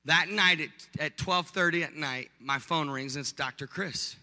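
A pastor preaching with animated, punchy storytelling and comic timing. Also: male voice, fairly high pitch, normal speed, in a large hall. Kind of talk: storytelling sermon.

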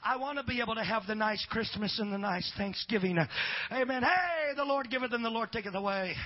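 A middle-aged pastor telling a story in a folksy sermon, dropping in amens and swinging between loud and hushed. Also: male voice, very high-pitched, fairly quick. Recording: dull lo-fi recording with faint music.

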